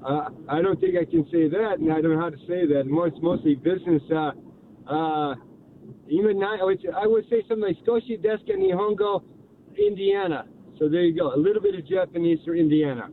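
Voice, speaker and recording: An older man calling in to a radio show, talking in a rambling, halting way. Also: fairly high pitch, big pitch swings, vocal fry. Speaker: caller. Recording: noisy phone line from a moving vehicle.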